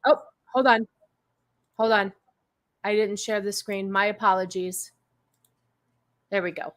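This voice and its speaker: A woman's voice: medium pitch, steady tone, a little slow, fairly bright tone. A woman hosting a stream, chatting casually and reacting bluntly with swearing and exclamations. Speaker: stream host. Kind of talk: casual chat reacting to a book summary.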